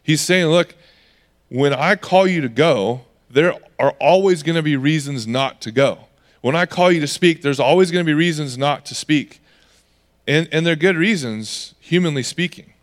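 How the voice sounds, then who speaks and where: Animated, slightly high-voiced male pastor. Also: normal speed. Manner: animated, acts out quoted voices. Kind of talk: conversational sermon.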